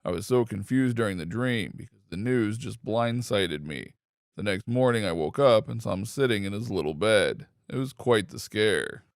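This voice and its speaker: Guy reading internet stories out loud, steady and even, raspy fry in his voice, dry close sound. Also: lowish voice, moderate pace, dry recording. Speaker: story reader. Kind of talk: scripted narration of online posts.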